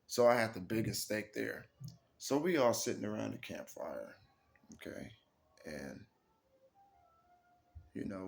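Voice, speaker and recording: A man's voice: on the low side, creaky. A man telling a casual story in a slangy way, often saying "you know what I'm saying". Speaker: storyteller recounting camp trips.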